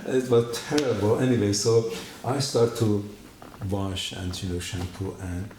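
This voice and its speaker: A man giving his personal testimony at a church, telling his story in an animated way and acting out the dialogue. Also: lowish voice, a little slow, a little hiss or hum. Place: church hall. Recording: echoey room.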